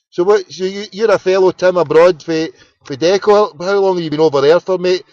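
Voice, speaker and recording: A man's voice: high-pitched, normal speed, a little mellow, no echo. A Glaswegian man hosting a casual late-night phone-in, chatting with callers and fiddling with his computer between calls. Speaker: phone-in show host. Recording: dull, lo-fi home broadcast.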